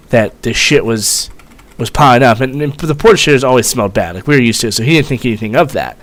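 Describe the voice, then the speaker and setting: A young man, a former Marine, telling a story in a rambling, profane way, full of fillers. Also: mid-range voice. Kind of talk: casual storytelling vlog.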